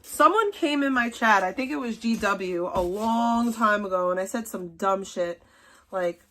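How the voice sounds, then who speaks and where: A woman's voice: mid-range voice, moderate pace, fairly bright tone. A young adult woman hosting a livestream, ranting angrily at someone in a profane, scolding way. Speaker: livestream host.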